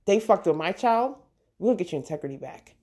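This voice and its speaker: A woman's voice: lowish voice, expressive, fairly quick, a little mellow, voice pushed down. A woman playing God as a blunt, fiercely protective parent who comforts and scolds with profanity.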